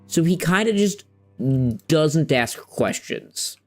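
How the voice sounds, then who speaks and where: A man's voice: on the high side, animated, slow pace, faint music behind. A young man streaming a game, chatting casually and rambling, searching for words and using loose slang. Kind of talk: casual chat while playing a game.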